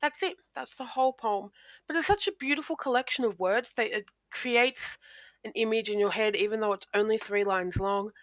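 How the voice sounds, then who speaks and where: A woman's voice: on the high side, moderate pace, no room sound. A woman teacher explaining poetry in a recorded lesson, talking into a close microphone with frequent ums and restarts.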